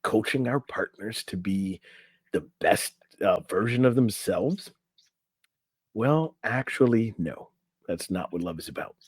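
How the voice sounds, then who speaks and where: A man's voice: on the low side, animated, unhurried, slightly rough, no echo. A man co-hosting a relationship coaching podcast, talking loosely and reading from an article with his own asides. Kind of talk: casual podcast chat. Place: in a room on camera.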